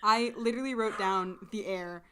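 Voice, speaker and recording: A woman's voice: medium pitch, moderate pace, fairly bright tone, a little hiss or hum. A woman co-hosting a podcast, talking through a drama in casual, emphatic chat full of fillers. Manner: chatty, many fillers, emphatic. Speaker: podcast co-host.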